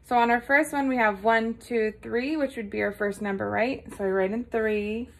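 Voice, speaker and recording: A woman's voice: fairly high pitch, steady tone, moderate pace, vocal fry, a bit bright. A woman teacher giving a recorded lesson to young children, patient and encouraging, often checking in with a "right?".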